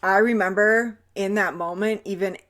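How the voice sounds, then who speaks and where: A woman hosting her own show and telling her personal story in a candid, slow, halting way that often drops quiet. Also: medium pitch, steady tone. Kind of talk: personal testimony.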